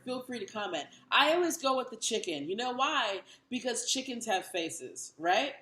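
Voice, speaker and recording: A woman's voice: a little high, big pitch swings, normal speed, few pauses, fairly bright tone, echoey room. A woman in her thirties doing a wry, self-mocking stand-up comedy set. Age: 30s.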